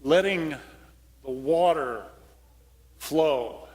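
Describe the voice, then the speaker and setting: A man preaching a lively homily as a priest, switching to hushed voices for quotes and sometimes calling out loud. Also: a little high, extremely slow, long reverb tail. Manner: animated, acts out quotes in hushed voices, sudden shout. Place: large church.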